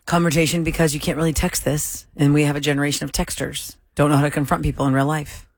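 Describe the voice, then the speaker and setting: A woman's voice: deep voice, level tone, no echo. Brief: woman radio host, fifties, frank and chatty, dry studio sound. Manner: frank, chatty, quick asides. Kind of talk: casual radio talk. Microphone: studio microphone.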